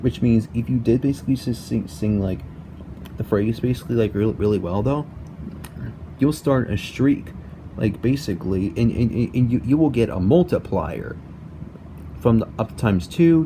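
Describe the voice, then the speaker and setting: A young man explaining a music game tutorial in a halting way, repeating words and filling with "basically" and "like", recorded on a laptop mic at home. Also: on the low side, noisy background. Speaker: tutorial maker. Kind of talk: casual screen-recorded tutorial.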